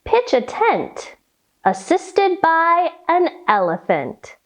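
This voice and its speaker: Lady teaching kids yoga from a storybook, very slow and sing-song, high voice. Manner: slow, sing-song and animated, leading movements. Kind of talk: storytime yoga lesson for children.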